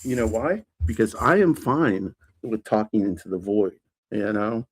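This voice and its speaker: A streamer chatting alone on a casual live stream, rambling with many fillers and restarts and sometimes pushing the voice higher. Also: lively intonation, a little slow, breathy edge. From United States. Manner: plays with raising the pitch of the voice.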